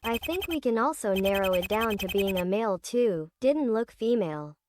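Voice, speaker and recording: A woman's voice: medium pitch, animated, moderate pace, slight background noise. A woman chatting casually, commenting on a game stream. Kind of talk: casual chat.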